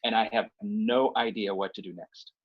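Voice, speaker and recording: Man, husky voice, earnest and emphatic, asks "okay?" a lot, muffled lo-fi sound. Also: fairly low pitch, steady tone, moderate pace. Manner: earnest, emphatic, often checks in with "okay?" and "right?". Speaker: guest, university director of bands. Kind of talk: conversational advice.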